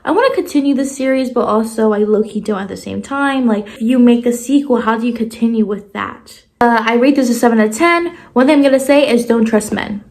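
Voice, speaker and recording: A young woman chatting casually through a book review vlog, expressive and full of filler words. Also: fairly high pitch, fairly quick, hardly any pauses. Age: young adult. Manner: chatty, expressive, lots of "like" fillers, animated emphasis. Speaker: book vlogger.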